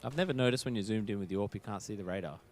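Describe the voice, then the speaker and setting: A man's voice: on the low side, rapid-fire, darkish tone. A man giving joking, self-mocking color commentary on a competitive shooter match. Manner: wry, self-mocking, chatty.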